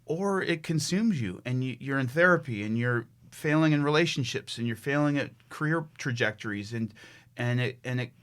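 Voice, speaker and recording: Animated, emphatic middle-aged man. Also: mid-range voice, normal speed. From United States. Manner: animated, emphatic, many restarts. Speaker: podcast guest, fitness trainer. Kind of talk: conversational storytelling.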